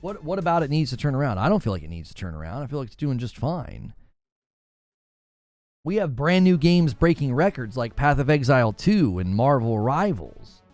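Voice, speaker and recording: A man's voice: mid-range voice, normal speed, dry recording, soft background music. A man chatting casually with his live-stream viewers about games, talking to them directly. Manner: chatty, talks to chat viewers, animated. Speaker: gaming streamer.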